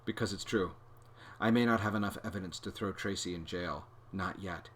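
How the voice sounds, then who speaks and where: A man reading a children's book aloud, telling the story in an expressive, animated way. His voice sits low but comes across bright and forceful. He hosts the reading. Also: moderate pace, slight background noise. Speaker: read-aloud host.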